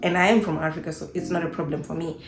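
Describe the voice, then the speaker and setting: A young woman from Zimbabwe talking casually to camera in an unscripted vlog, animated and acting out the voices of people she quotes. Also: deep voice, very fast, reverberant, loud music behind the voice. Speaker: vlogger.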